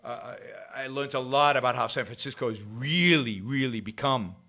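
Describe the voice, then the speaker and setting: A middle-aged man hosting a show, talking in a sarcastic, animated commentary with frequent restarts. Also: mid-range voice, moderate pace. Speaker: show host. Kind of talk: casual commentary monologue.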